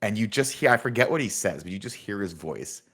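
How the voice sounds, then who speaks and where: Animated man reviewing movies. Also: lowish voice, a little fast, slightly rough. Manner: animated, enthusiastic, profane, acts out movie lines. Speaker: podcast co-host. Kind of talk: casual movie review chat.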